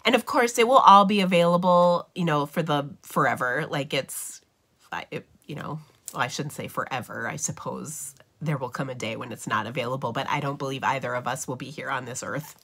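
A woman's voice: a bass voice, a little fast, a bit bright, slightly rough. A middle-aged woman hosting a papercraft livestream, chatting casually and enthusiastically with lots of fillers, sounding a bit nasal from feeling unwell.

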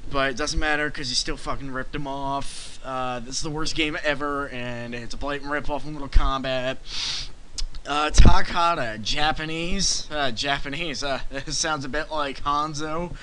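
Man, sarcastic fanboy rant, exasperated and repetitive, bright tense voice, slightly raised pitch, faint hiss behind. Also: fairly even intonation, unhurried, low-quality recording. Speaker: parody game reviewer. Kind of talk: satirical rant as an angry fanboy.

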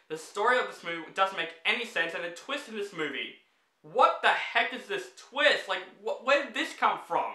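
Casting note: a male movie reviewer with a high, bright voice, fed-up ranting delivery, echoey room. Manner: exasperated, blunt, swears freely.

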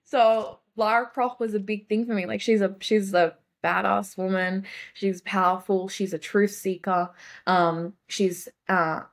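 A young adult woman, a guest in a casual conversation, speaking softly and haltingly with many fillers. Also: mid-range voice, steady tone.

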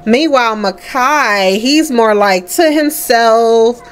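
A gaming host, a woman with a slightly high, smooth voice, talks at a slow pace while playing a life-sim let's play. She chats casually and with animation, laughing often as she speaks to her sims.

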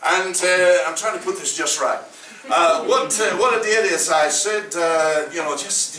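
A man's voice: on the high side, a little slow, sharp tone. An older man with a Southern US accent preaching a sermon, telling stories in a rambling, folksy way with many fillers. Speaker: pastor. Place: church. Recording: echoey room from a distance.

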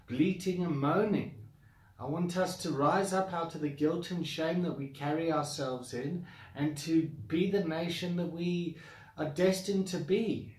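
South african guy ranting to camera, kinda high voice, echoey room, mic far off. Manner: frustrated, blunt, repetitive venting with sighs. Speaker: founder of a coaching academy. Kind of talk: direct-to-camera rant.

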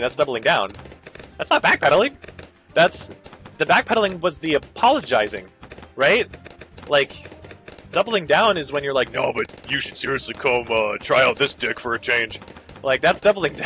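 A man casually commenting over a video game, ranting and sarcastic, swearing freely and jumping into squeaky high bits. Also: a bit bright, slight background noise. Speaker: gaming video host.

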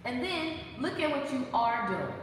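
A woman giving a casual, animated devotional talk, playful and preachy and full of laughs. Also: sits high, measured pace, very echoey, big-room sound, distant mic, slight background noise, rough recording. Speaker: faith talk host.

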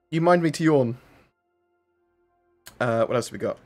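Hosting a casual livestream with soft music in the background, this man speaks at a medium pitch and moderate pace, leaving long pauses. He reads viewer questions aloud and answers chattily, rambling and using plenty of fillers.

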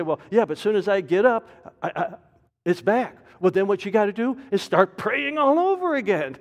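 A man preaching a sermon as pastor, with a dynamic delivery that swings from loud emphasis to soft, low asides. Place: church sanctuary. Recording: reverberant church hall.

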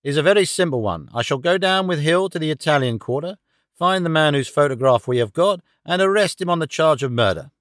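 A man voicing a brisk, self-satisfied police inspector in an audiobook. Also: a little high, animated, a bit bright, no echo, clean studio sound. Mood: dismissive. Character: blustering confident male police inspector.

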